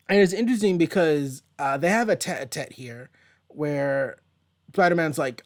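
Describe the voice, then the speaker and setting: A man's voice: a little high, moderate pace. A man hosting a casual comic book review show from home, rambling and chatty with plenty of fillers and the odd swear word. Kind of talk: casual page-by-page comic commentary. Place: at home, with a dog nearby.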